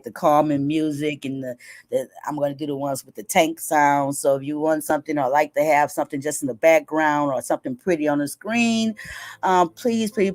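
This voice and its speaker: Woman, live stream host, lowish voice, conversational, reads affirmations, faint music behind. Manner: chatty, often asks "right?". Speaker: livestream host. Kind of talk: reading daily affirmations aloud and chatting.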